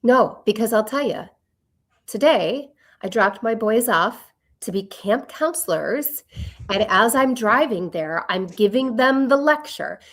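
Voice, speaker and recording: A woman in her forties co-hosting a podcast, telling stories in an animated way and acting out her own quotes. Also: a little high, measured pace. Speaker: podcast co-host. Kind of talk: casual chat.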